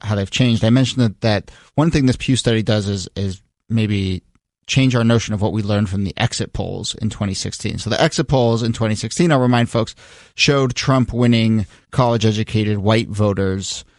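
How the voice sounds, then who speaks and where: A man's voice: on the low side, normal speed, dry recording, studio quality. A man hosting a podcast, steering the discussion with questions and reading the sign-off. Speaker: podcast host. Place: studio. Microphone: studio mic.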